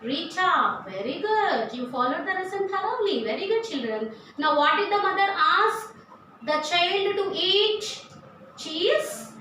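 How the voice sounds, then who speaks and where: A woman's voice: very high-pitched, expressive, a little slow, bright, forceful tone, distant mic. A woman teaching young children a lesson, spelling words out letter by letter and answering her own questions. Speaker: school teacher. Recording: echoey room, voice from off the mic, faint hiss.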